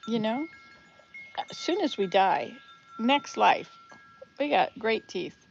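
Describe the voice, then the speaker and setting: Taking it slowly, a woman vlogger rambles and chats on a casual live-stream from her outdoor garden with wind chimes, laughing at herself along the way, all recorded on a phone. Her voice is on the high side and gravelly, with big pitch swings. The recording is muffled, with soft background music.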